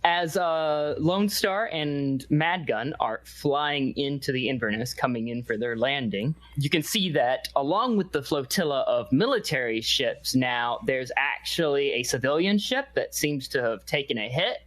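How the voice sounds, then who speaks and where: A man's voice: mid-range voice, expressive, measured pace, few pauses, a bit bright, rough recording. Man narrating a role-play game. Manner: loose, filler-heavy narration. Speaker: game master.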